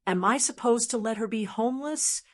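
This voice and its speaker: Shrill stammering daughter-in-law in a panic, put on by a woman reading a story; pitched well above the narrator. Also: fairly quick, natural voice. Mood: pleading. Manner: shrieking, pleading, stammering. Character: frantic desperate daughter-in-law, middle-aged woman.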